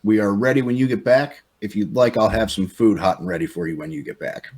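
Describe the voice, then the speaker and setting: Low voiced guy playing a tabletop game, measured and calm. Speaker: player. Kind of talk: tabletop role-play.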